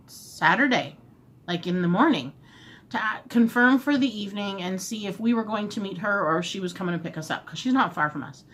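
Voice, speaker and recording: This medium-pitched woman vlogger chats her way through a long story while eating. It's casual and lively, with her often acting out what she and others said.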